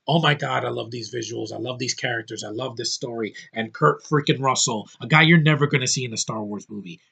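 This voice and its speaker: A young man talking casually to camera in a home video, opinionated and excitable, ranting about what he likes and hates. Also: mid-range voice, husky, dull audio. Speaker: movie collector vlogger. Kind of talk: casual movie haul vlog.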